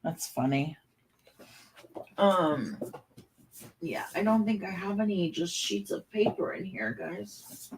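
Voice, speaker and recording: A woman vlogger chatting in a relaxed, meandering way, thinking aloud while she colors. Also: fairly low pitch, slow pace, long pauses, a little hiss or hum, poor audio.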